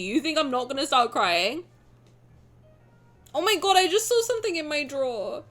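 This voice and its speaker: A young woman streamer reacting to a game with excitable, casual commentary. She swears and laughs often. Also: high voice, normal speed, faint music behind.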